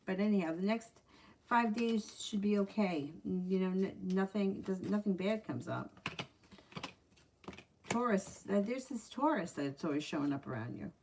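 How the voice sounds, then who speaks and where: A woman's voice: mid-range voice, lively intonation, normal speed, darkish tone, a little hiss or hum. A woman running a live-stream tarot reading, chatty and blunt, swearing freely when something annoys her. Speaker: tarot reader.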